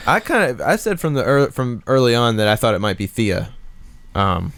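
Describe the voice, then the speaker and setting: Excitable stammering man theorizing on a podcast. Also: medium pitch, moderate pace, no echo. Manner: excitable theorizing, stammers and repeats words, laughs often. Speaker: podcast co-host. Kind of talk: casual chat.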